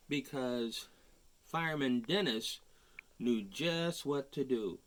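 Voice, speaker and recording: A man reading a picture book aloud to young children in a gentle, chatty way, with playful ad-libbed asides. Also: medium pitch, slow. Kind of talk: storybook read-aloud for children.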